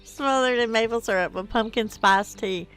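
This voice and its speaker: A woman's voice: a little high, moderate pace, fairly bright tone, smooth, faint music behind. A tired woman streaming a game, chatting casually and reading viewer comments aloud. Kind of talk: casual gameplay stream chat.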